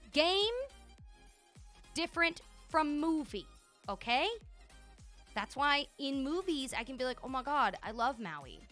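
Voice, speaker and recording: A young woman streaming a video game live, chatting casually in a gushing, animated way, full of "like" and "dude". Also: sits high.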